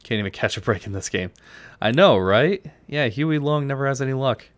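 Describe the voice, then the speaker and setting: A man's voice: medium pitch, animated, a little fast, no room sound. A man from New York, chatting casually with viewers as he live-streams a strategy game and answers their messages. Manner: chatty, answers chat between moves.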